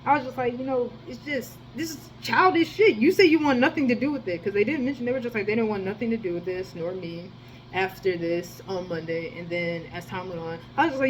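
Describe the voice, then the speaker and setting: A woman's voice: mid-range voice, brisk, a little hiss or hum, poor audio. Woman, casual storytime monologue, slangy and profane, rambling with restarts, faint ambience behind. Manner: animated, with sudden jumps in loudness. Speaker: storyteller vlogger.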